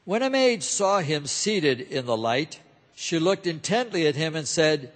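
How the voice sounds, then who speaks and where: A man narrating a scripture reading in a steady, solemn way, in a large church. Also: a little high, measured pace. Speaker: reader. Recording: echoey church hall.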